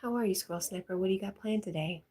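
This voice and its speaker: A woman hosting a casual livestream, reading viewer comments aloud and talking softly to her dog. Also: medium pitch, very fast, reverberant, low-quality recording. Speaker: livestream host reading chat.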